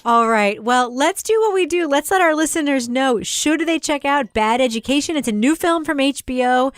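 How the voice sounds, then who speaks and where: A woman's voice: sits high, lively intonation, normal speed, dry recording, studio quality. A woman hosting a podcast, leading a playful, chatty film review with her co-hosts. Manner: chatty, playful, leads the discussion. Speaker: podcast host. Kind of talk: casual podcast review chat.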